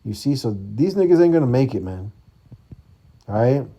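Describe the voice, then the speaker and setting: A man with a Chicago accent teaching scripture in a casual, profane street style, reading verses slowly and calling out "man" and "all right?" between them. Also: mid-range voice, big pitch swings, mellow.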